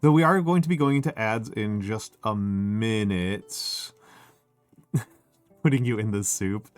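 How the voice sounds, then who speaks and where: Here a male streamer with a medium-pitched voice chats casually, no room sound around him. He rambles, breaks off and restarts his sentences with plenty of fillers, jokes wryly, and complains of being short on sleep.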